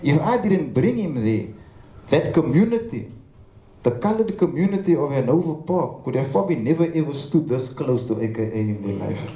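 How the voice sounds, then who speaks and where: At a large memorial venue, a young man from Cape Town, South Africa, gives a tribute speech, telling stories earnestly and stammering now and then. His voice is fairly high and mellow, with lively intonation and a moderate pace. The hall is echoey with faint ambience.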